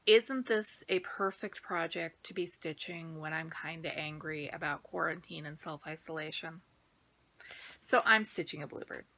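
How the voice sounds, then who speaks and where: A woman hosting her own cross-stitch video, chatting casually to the camera and dropping into soft, whispery asides. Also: sits low, moderate pace.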